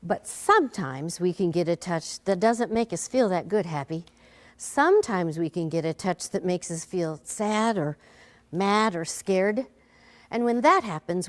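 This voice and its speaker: A woman teaching a preschool lesson, talking gently to a bear puppet and young children. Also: on the low side.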